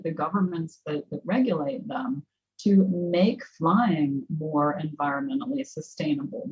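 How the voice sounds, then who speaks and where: A woman answers audience questions at a conference. She speaks in a low, husky voice, thinking aloud and restarting her phrases often. The recording is dull and lo-fi. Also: darkish tone. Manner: thoughtful, with frequent restarts.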